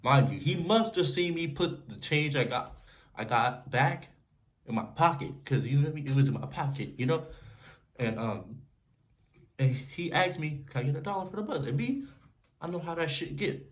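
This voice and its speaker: A young man casually telling a story to camera in a slangy, animated way, often checking in with the listener. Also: fairly high pitch, measured pace. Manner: animated, slangy storytelling with frequent "you feel me". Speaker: vlogger.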